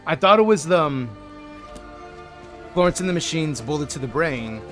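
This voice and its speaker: A man's voice: fairly high pitch, animated, normal speed, a bit bright, soft background music. A man livestreaming a game, chatting playfully with his viewers and greeting them by name. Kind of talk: casual gameplay chat with viewers.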